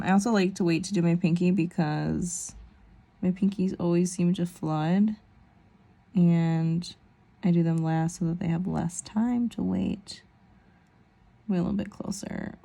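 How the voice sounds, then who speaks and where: Woman in her 30s, nail vlogger, mellow and gravelly, chatty rambling delivery. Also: fairly low pitch, fairly even intonation, slow, long pauses. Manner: chatty, rambling, self-deprecating asides. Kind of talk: casual tutorial chat.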